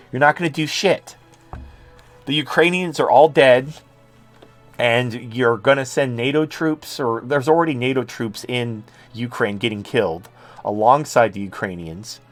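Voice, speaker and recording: A man's voice: medium pitch, unhurried, faint music behind. Profane, sarcastic male ranter. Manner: profane, sarcastic, mocking mimicry of others. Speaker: political commentator. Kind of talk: casual ranting monologue.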